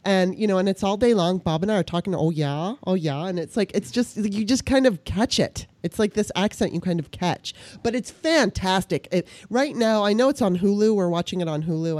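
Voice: mid-range voice, darkish tone, no echo. A speaker in casual chat, rambling enthusiastically and swearing casually.

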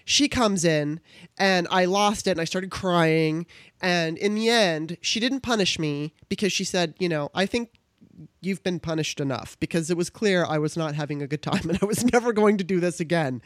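A woman's voice: fairly low pitch, normal speed, no echo, clean studio sound. A woman from Southern California telling a personal story in casual chat. She acts out the voices of the people in it and laughs as she goes.

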